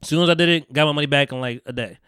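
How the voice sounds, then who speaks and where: A man rattles through a story at high speed, his voice bright and clean with a slightly raised pitch. He swears freely and breaks into laughter as a podcast host in casual chat. The sound is close and dry. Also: rapid-fire, clear, resonant tone, dry recording. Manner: animated storytelling, heavy swearing, frequent laughter.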